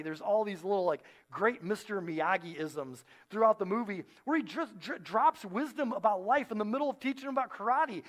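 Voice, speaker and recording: A man in his forties preaching a sermon as a pastor, telling a story with playful, animated acted-out quotes. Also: sits high. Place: church stage.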